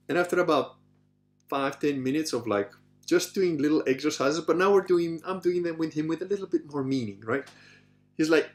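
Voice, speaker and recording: A man hosting a podcast, telling stories in a loose, animated way, swearing casually and acting out what others said. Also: fairly high pitch, normal speed. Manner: animated, swears casually, acts out quoted voices. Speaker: podcast host. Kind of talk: casual anecdotal storytelling.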